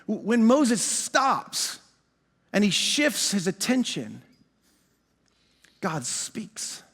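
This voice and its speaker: A man preaching a sermon, emphatic and full of repetitions, slowing right down to stress key phrases and sometimes calling out to the congregation. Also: sits high, very animated, a bit bright, breathy edge, long reverb tail. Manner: emphatic, repeats words, slows down on key phrases. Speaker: pastor.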